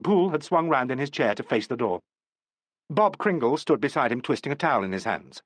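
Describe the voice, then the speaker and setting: A man narrating an audiobook in a measured, expressive reading. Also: mid-range voice, no room sound. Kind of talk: scripted narration.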